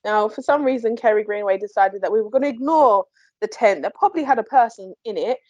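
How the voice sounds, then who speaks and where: Lively woman telling a story. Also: fairly high pitch, background noise. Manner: animated, chatty, quick to laugh. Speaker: paranormal investigator. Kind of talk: casual storytelling on a podcast. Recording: dry, slightly muffled podcast audio.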